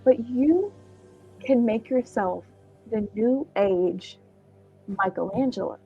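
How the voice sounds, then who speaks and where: Brief: woman player, a little higher voice, faint music behind. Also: slow, vocal fry, husky, dull audio. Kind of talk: casual tabletop role-play.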